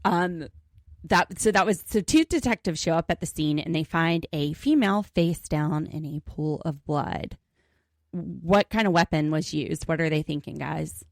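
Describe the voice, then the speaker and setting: Gravelly low-voiced woman podcast co-host. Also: measured pace, no room sound, clean studio sound. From Pennsylvania. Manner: chatty, giggly, recaps the episode. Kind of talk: casual chat.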